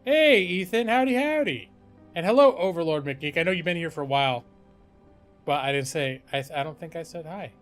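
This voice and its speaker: A man's voice: on the high side, animated, a little fast, soft background music. A man streaming a game, chatting in a rambling, self-deprecating way. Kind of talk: casual gaming stream commentary.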